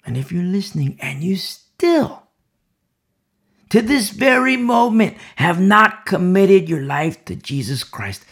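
A male preacher delivers a sermon with fervent urgency, dropping from strong declarations into near-whispers. His voice is gravelly with a husky edge and sits a little high for a man. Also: sing-song, slow pace. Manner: fervent, dramatic swings from loud declarations to whispers.

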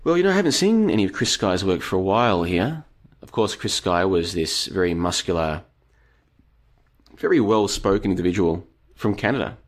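A man's voice: low voice, lively intonation, moderate pace. A man hosting a live stream. He reads out chat comments and rambles at length, talking to the audience as folks and piling up rhetorical questions, his voice tiring after two hours.

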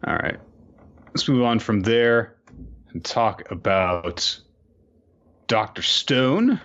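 Low-voiced male podcast co-host, punchy tone, relaxed and chuckling, slightly dull recording. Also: takes it slowly, long pauses. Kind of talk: casual chat recapping a comic. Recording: dull lo-fi mic.

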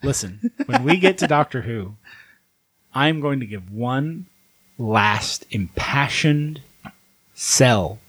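A man's voice: slow pace, long pauses, breathy edge, dry recording. A man in his thirties with a Southern American accent, co-hosting a casual podcast chat, swearing and ranting with big swings in his voice. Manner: animated, swearing, rants with big pitch swings. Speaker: podcast co-host.

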